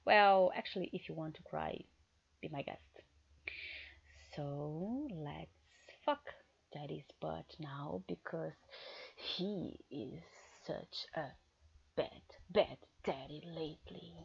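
Woman for adult audio role-play: teasing, commanding, slightly low voice, swings from hushed to loud, muffled lo-fi recording. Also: slow pace, vocal fry, husky. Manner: swings between hushed murmurs and loud outbursts.

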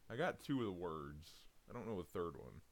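A man's voice: low voice, sing-song, fairly quick. A man doing a casual audio reading challenge, rambling and chuckling between words. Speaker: audio content creator.

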